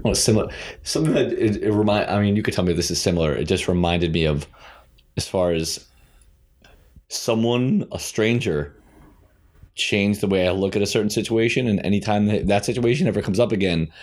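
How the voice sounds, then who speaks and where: A man's voice: fairly low pitch, brisk, a little mellow. A man hosting a podcast, telling a story casually with lots of restarts and fillers. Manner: rambling, with many restarts and fillers. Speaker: podcast host.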